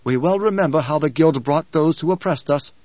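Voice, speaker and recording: A man's voice: a little fast, a little mellow, dry recording, natural voice. A man voicing a fanatical male advisor who talks in an insistent, pleading manner. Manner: pleading, insistent, higher-pitched. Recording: dull lo-fi audiobook recording.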